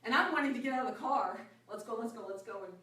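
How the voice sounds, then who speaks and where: A middle-aged woman telling a personal story to a group in an animated way, laughing often and acting out the voices in it. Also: fairly high pitch, quick pace. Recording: echoey room, mic far off.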